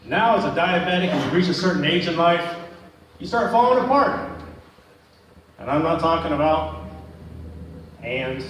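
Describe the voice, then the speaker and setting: A man's voice: fairly high pitch, lively intonation, moderate pace, long pauses, a bit bright. A male stand-up comedian telling crude, self-mocking stories to a small club audience. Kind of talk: stand-up set. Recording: echoey room, distant mic, faint noise.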